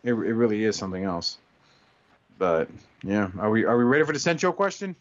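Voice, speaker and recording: A man's voice: on the low side, very animated, a little fast, muffled recording. A man co-hosting a casual podcast, telling rambling stories with lots of restarts. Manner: rambling storyteller, many restarts. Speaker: podcast co-host. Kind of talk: casual chat.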